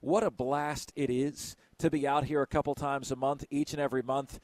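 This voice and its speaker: A man hosting a radio show on location, chatting in a lively, playful way. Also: mid-range voice, moderate pace, dry recording.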